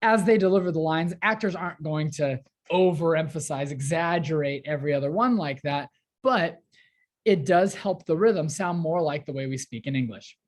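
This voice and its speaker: A woman with a somewhat low voice lectures her class. She explains things step by step, dropping in small fillers as she goes. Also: moderate pace, a little mellow. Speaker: teacher.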